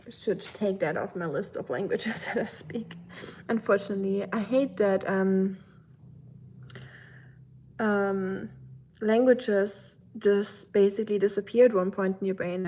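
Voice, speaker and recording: A German woman with a German accent chats casually on a livestream while cooking in her home kitchen, her talk loose and full of fillers. Her voice is medium-pitched and a little mellow.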